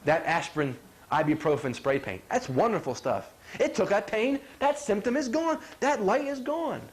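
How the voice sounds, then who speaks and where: A middle-aged man with a high voice gives a folksy health talk as a chiropractor. He is animated and acts out what people say, checking often that his listeners follow him. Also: moderate pace. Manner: animated, acts out quotes, asks "you follow?".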